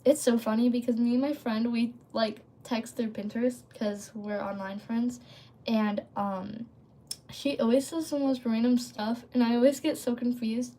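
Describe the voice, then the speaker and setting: A woman's voice: fairly high pitch, steady tone, normal speed, warm tone. Chatty rambling woman live-streaming. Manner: rambling, filler-heavy, often breaks off to read and answer chat. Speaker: livestream host. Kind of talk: casual livestream chat.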